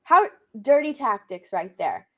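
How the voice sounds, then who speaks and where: A woman co-hosting a casual review chat, lively and incredulous, ranting and acting out quotes. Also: on the high side, a little slow.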